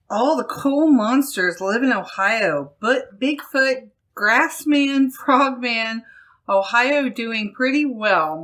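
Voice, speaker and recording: A woman's voice: on the high side, fairly bright tone. A woman co-hosting a casual podcast, reading a news article aloud and laughing often. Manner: giggly, reads articles aloud. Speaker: podcast co-host.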